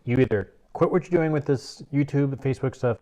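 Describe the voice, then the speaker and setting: A man's voice: medium pitch, quick pace, dark tone. Give me a blunt, supportive man in a casual chat. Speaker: co-host, partner of the host.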